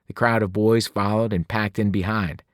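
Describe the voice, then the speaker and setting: A man, a teacher, reading a novel aloud with expressive narration. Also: fairly low pitch, moderate pace, no echo, clean studio sound. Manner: expressive, voices the characters. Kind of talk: audiobook narration.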